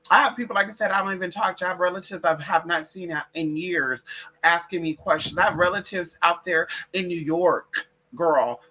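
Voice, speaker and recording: A woman with a lowish voice and a bright, forceful tone hosts a late-night livestream. She chats casually and profanely, calling her listeners "girl" and "y'all."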